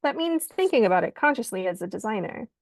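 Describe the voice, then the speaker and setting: A woman giving an online lesson on designing pitch slides, speaking clearly and emphatically like a teacher. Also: sing-song, fast, dry recording. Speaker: pitch coach. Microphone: video call.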